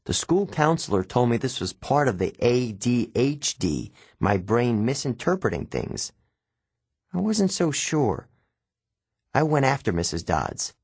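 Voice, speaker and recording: Husky-voiced man reading a novel aloud. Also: medium pitch, a little slow, no echo. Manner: expressive, wry storytelling. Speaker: audiobook narrator. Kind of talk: first-person novel narration.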